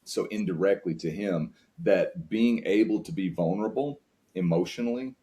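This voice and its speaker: A very deep-voiced man speaks as a podcast guest, earnest and open as he reflects on fatherhood. His talk is warm in content but plain, full of restarts as he searches for words. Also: moderate pace. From United States. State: tearing up at times.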